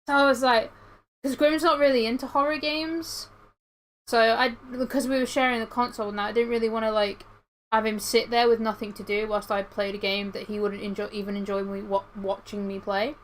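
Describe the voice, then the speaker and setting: A woman's voice: on the high side, steady tone, fairly quick, a little hiss or hum, rough recording. A young woman, rambling through a story while livestreaming, with lots of fillers and restarts. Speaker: streamer.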